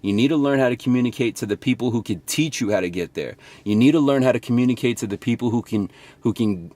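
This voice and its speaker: A man's voice: medium pitch, fast talker, warm tone. A young man giving casual sales advice from his car, rambling and swearing now and then. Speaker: sales coach vlogger. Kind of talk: casual motivational talk.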